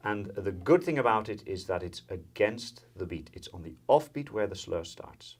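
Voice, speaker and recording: A man's voice: fairly low pitch, expressive, moderate pace, a little mellow. A man from the Netherlands giving a jazz violin lesson, explaining step by step with frequent fillers and counting in. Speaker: violin teacher. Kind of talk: instructional music lesson. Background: violin and guitar playing.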